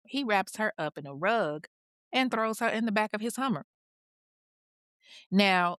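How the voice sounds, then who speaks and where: A woman's voice: lowish voice, fairly bright tone, dry recording, studio quality. A woman hosting a podcast, telling a true crime story in a casual, slangy way with chatty asides.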